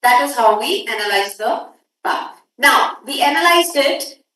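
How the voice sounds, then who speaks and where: A woman's voice: high voice, lively intonation, a little slow, pushed and bright. A woman with an Indian English accent giving an academic workshop lecture, emphatic and putting questions straight to the audience. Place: conference hall. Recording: echoey hall, distant mic.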